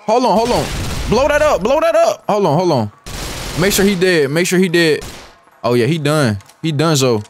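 A young man giving excitable, slangy live commentary over gameplay, repeating phrases and muttering rap lines. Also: high voice, normal speed. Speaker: gaming YouTuber.

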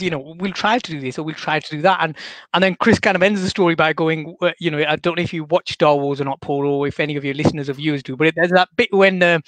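Male guest, rambling talker with fillers, slightly high voice, dry close sound. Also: fairly bright tone, dry recording. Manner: rambling, full of fillers and restarts. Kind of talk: conversational interview.

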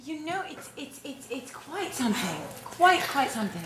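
A gentle, awkwardly polite judge, voiced by a woman, speaks in a high voice that rises and falls a lot. She hesitates and softens every blow. The recording sounds roomy, with faint noise in the background. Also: very animated, moderate pace, crowd noise.

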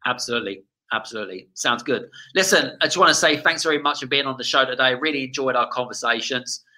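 A man's voice: medium pitch, fast talker, bright, forceful tone, rough recording. A man hosting an interview, talking with enthusiasm and rambling through many restarts. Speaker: podcast host. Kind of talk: casual interview chat.

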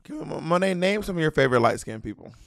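A man's voice: on the high side, very animated, gravelly, no room sound, studio quality. A man co-hosting a podcast in a playful, teasing casual chat. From Southern United States. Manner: teasing, quick-talking, playful. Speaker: podcast co-host.

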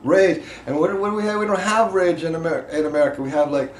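A man's voice: a little high, fast talker, few pauses. Impassioned man teaching in an echoey room. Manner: impassioned, swings between loud emphasis and quiet asides. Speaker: emotional release teacher. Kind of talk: teaching talk to a group. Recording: echoey room with faint background noise.

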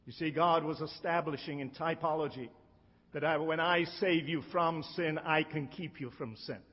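Emphatic preacher in an echoing hall. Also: male voice, fairly high pitch, fairly even intonation. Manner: emphatic, slows down to stress key lines. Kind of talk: sermon. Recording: dull sound with long hall reverb.

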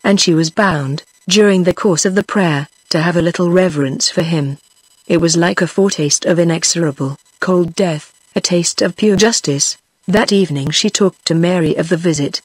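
A text-to-speech woman's voice with a British English accent, reading a novel aloud in a steady synthetic tone that stays the same for every character. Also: on the low side, normal speed, slightly rough, no echo, low-quality recording. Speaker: audiobook narrator.

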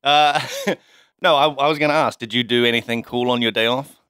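Bright, teasing man on a podcast. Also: mid-range voice, brisk, clean tone, dry recording, clean studio sound. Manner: teasing, laughs often. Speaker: podcast co-host. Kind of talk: casual gaming podcast chat.

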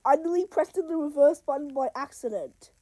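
A woman's voice: high voice, a little fast, mellow, natural voice. A woman voicing a helpful cartoon bunny crew member who explains things plainly. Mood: explaining.

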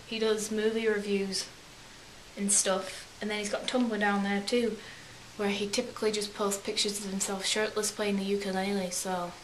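A young woman vlogger rambling through a story in a put-on English accent, acting out quotes in silly voices. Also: medium pitch. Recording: echoey room with faint hiss.

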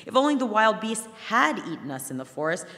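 A woman's voice: medium pitch, sing-song, fairly quick, sharp tone, pitched above the performer's own voice. A woman reading aloud voices a frightened little girl who pleads earnestly. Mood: pleading. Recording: long hall reverb.

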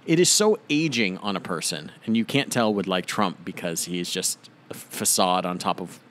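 A man's voice: deep voice, normal speed, fairly bright tone, a little hiss or hum. A man co-hosting a comedy podcast in casual chat, riffing wryly with asides. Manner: wry, riffing, trailing off into asides. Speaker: podcast co-host.

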